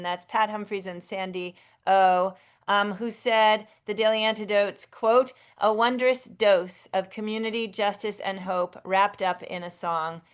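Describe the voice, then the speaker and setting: A woman hosts a live online sing-along from a video call. She is effusive and chatty, often stopping and restarting her sentences. Her voice is smooth and resonant, sitting at a middle pitch. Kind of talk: casual live-stream hosting.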